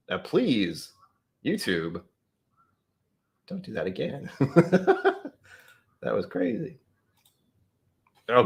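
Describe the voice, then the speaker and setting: A man hosts a livestreamed whiskey tasting from home, chatting playfully, poking fun at himself and laughing easily. His voice is lowish, creaky and fairly bright.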